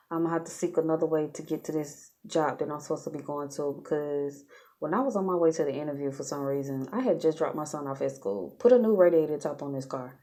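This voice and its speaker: A woman vlogging in a casual, chatty way, talking straight to her viewers and laughing often. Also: low voice. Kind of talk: casual storytelling vlog.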